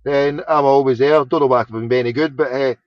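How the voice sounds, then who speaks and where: A man's voice: mid-range voice, steady tone, a little fast. Rambling, profane man on a lo-fi line. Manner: rambling, profane, many restarts. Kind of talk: casual chat. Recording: dull lo-fi sound.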